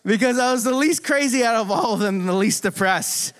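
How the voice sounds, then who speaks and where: A young man telling a story in a casual, profane, animated way, laughing often. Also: very high-pitched, normal speed, clean tone.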